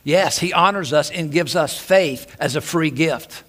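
Animated preaching man. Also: a little high, measured pace. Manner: animated preaching, acts out shouted quotes, repeats phrases. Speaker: pastor. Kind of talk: sermon. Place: church sanctuary.

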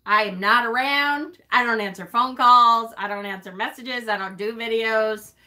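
Bright-voiced chatty woman streamer. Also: a little high, normal speed. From North Carolina. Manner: chatty, teasing, laughs often, swears. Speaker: witchy livestream host. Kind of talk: casual live-stream chat reading comments.

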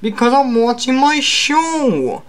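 A man voicing a big, childish brute who talks slowly and sounds far from the mic. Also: very high voice, very animated, fairly bright tone, pitched above the performer's own voice, heavily acted. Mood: dull. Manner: slow, drawn-out speech. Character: slow-talking hulking male brute, childish. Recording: voice from far off in the room.

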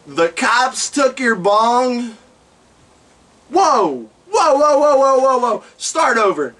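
A man's voice: extremely high pitch, a little slow, distant mic. A man vlogging comic stories, cursing freely and acting out the people in them. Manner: profane, animated, acts out the people in his stories. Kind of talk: comic storytelling.

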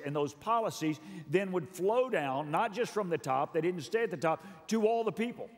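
Earnest man preaching in an echoey hall. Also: a little high. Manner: earnest, emphatic, repeats phrases for effect. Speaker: pastor. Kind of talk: sermon. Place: church hall. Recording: long reverb of a large hall.

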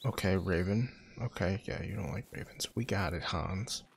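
A man with a fairly low voice talks through a game in casual let's-play commentary. He jokes and grumbles sarcastically about the story as he plays. It sounds like an off-the-cuff host talking to his viewers. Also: moderate pace, creaky, a little hiss or hum. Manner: sarcastic and joking. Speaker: gaming channel host.

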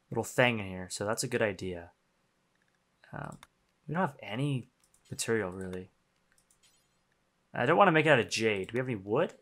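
Young male streamer, animated delivery, foul-mouthed, quick to laugh, typing audible. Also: mid-range voice. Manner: profane, excitable, laughs often. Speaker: game streamer. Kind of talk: casual gameplay commentary.

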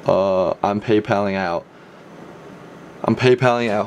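Rambling excitable young man vlogging. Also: medium pitch, moderate pace, a little hiss or hum. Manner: rambling, excitable, stammering restarts. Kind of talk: casual vlog to camera. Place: messy bedroom being packed up.

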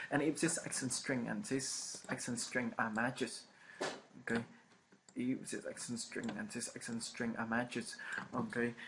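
In this noisy home recording, a man teaches coding over a screen capture in a flat, gravelly, mid-range voice. His delivery halts and stumbles, full of ums, repetition and a steady stream of okays.

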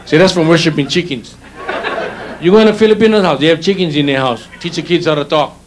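A man's voice: a little high, fast talker. A middle-aged man with a Hawaiian Pidgin accent, doing teasing stand-up comedy and chatting directly with audience members. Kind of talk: stand-up comedy with crowd work. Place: hotel showroom stage before a live audience. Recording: live show with crowd laughter and noise.

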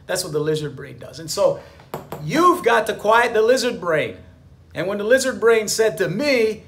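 Emphatic man with a high, lively voice. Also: normal speed. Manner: emphatic, repeats key phrases. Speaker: business attorney and motivational speaker. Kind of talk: motivational talk to camera.

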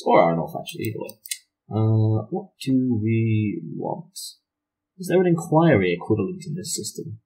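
A man's voice: fairly low pitch, darkish tone, slightly rough. A man running a tabletop game as game master, self-mocking and laughing often as he narrates.

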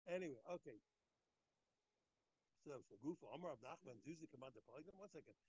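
A man teaching a daily Talmud class, animated and talking in quick restarts, repeating phrases as he works through the text. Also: mid-range voice, rough recording. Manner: animated, repeats phrases, acts out the text's speakers. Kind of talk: daf yomi Talmud class.

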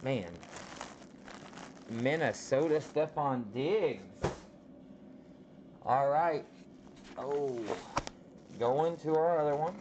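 A man hosts a casual trading-card break and talks slowly, stretching out his reactions as each pack opens. The audio is slightly dull, and a faint noise sits behind his voice. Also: on the high side. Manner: slow, drawn-out reactions while opening packs.

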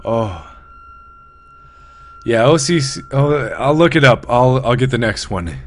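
A man giving live commentary on a horror game, talking to his viewers, swinging between frightened outbursts and hushed muttering. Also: mid-range voice, expressive, takes it slowly. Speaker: gaming host.

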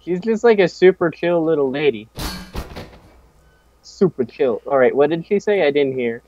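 A young gamer and channel host plays a horror game with a friend, trading sarcastic, jokey banter and swearing a lot. His warm, expressive voice sits on the high side at a moderate pace, captured on a dull lo-fi mic with a little hiss or hum and faint game music.

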